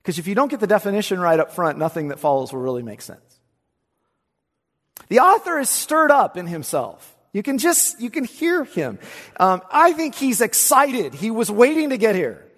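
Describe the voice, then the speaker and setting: Animated high-voiced man preaching a sermon. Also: normal speed, big-room sound. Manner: swings between emphatic and hushed, rhetorical questions. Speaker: pastor. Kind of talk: expository sermon. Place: church sanctuary.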